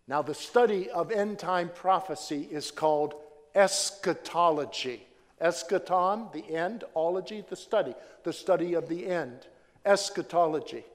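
A man preaching a sermon as pastor, swinging from loud emphatic declarations to hushed low phrases, with repeated phrases and a measured delivery. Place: church sanctuary. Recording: long hall reverb.

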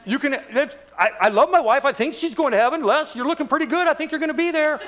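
This guest preacher, a man in his sixties, has a very high, slightly bright voice and talks fast. Preaching evangelistically to a congregation, he cracks jokes and poses rhetorical questions.

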